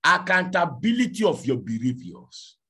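A man preaching a fiery sermon, shouting and pleading, firing questions at his congregation. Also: a little high, wildly swooping pitch, normal speed, breathy edge.

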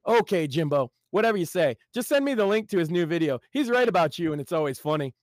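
A man's voice: on the high side, sing-song, quick pace, no echo, clean studio sound. A man voicing a contemptuous, cursing older brother who sneers at his sibling. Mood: scornful. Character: scornful, foul-mouthed older brother.

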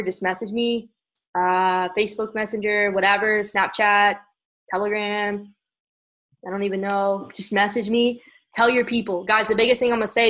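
A team leader on an online group call delivers a motivational pep talk in a mid-range voice. She's energetic, occasionally tearful, and keeps addressing everyone as "guys."

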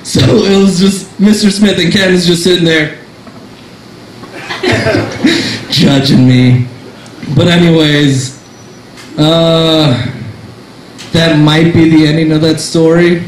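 A man's voice: fairly high pitch, steady tone, slow, pauses often. A young man doing stand-up at an open mic, telling a story in a rambling, self-deprecating way with lots of fillers and restarts. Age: young adult. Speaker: stand-up comedian. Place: small cafe comedy room. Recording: echoey room with faint noise. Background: audience laughter.

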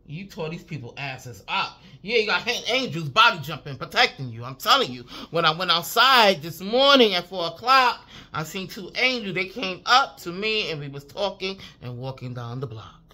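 A woman's voice: on the low side, big pitch swings, normal speed, sharp tone. A woman giving a casual spiritual reading to her viewers, talking emphatically with plenty of swearing, repeating herself and chuckling often. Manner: profane, emphatic, repeats "I'm telling you". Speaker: intuitive reader.

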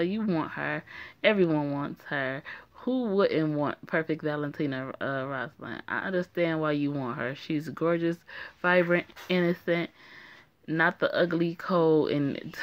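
A woman's voice: sits low, unhurried, fairly bright tone. Bitter, defiant young heroine in a story game, read by a woman in her own voice.

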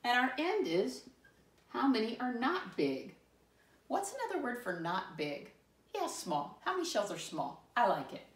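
A woman teaching a first grade lesson to young children, encouraging and upbeat, spelling words out slowly. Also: a little high, wildly swooping pitch, distant mic. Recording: echoey room, voice from off mic.

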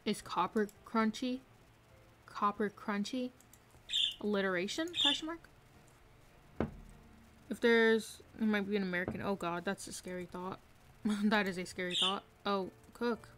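A woman's voice: mid-range voice, fairly even intonation, measured pace, pauses often. Giggly woman streamer narrating her game. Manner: chatty, giggly, talks to herself and chat. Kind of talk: casual live gameplay commentary. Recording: faint noise with mouse clicks and typing.

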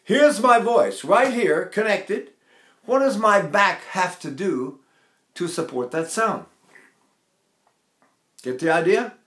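An older voice teacher gives a rambling, digressive lesson on vocal technique, stopping to sing demonstrations. His voice sits high and is animated and a bit bright, recorded in an echoey room.

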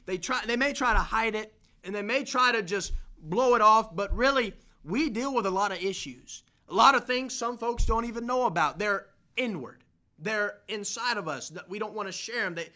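A man's voice: high-pitched, bright, forceful tone. A young man preaching a fervent sermon, building emphasis through repeated phrases. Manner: fervent, repetitive preaching cadence with rising emphasis.

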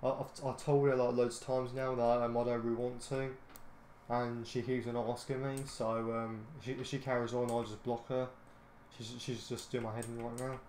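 British guy gaming, lots of ums, gets grumpy fast, echoey room, soft keyboard clicks. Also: mid-range voice, flat delivery, a little hiss or hum. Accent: British English. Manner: hesitant, full of ums and restarts; easily irritated, grumbling. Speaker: gaming channel host. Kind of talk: casual gameplay commentary. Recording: roomy echoey home recording.

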